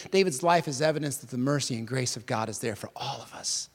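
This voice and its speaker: A man preaches in a bright, sharp voice with a gravelly edge. He talks casually with slang and swings between loud bursts and near-whispers. The sound rings with the long reverb of a big hall. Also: medium pitch, fairly quick, few pauses. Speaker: pastor. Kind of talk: sermon.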